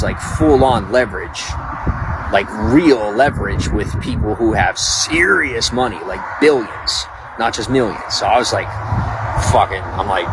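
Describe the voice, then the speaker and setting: A man with a low voice hosts a casual livestream from his phone on a city street. He rambles in a defensive tone and talks straight to his chat. Loud traffic and street noise run under everything he says. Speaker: livestream host.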